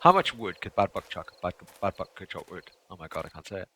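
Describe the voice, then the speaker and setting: A man's voice: sits low, sing-song, fast, bright, forceful tone, husky. A man streaming a game, rambling goofily and stumbling through tongue twisters. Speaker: gaming streamer. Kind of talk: playful live-stream chatter.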